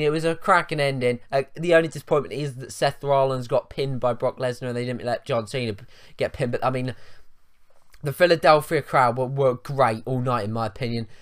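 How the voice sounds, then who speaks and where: A young man giving a blunt, swearing rant in a video review, with lots of ums. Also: mid-range voice. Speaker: wrestling show reviewer.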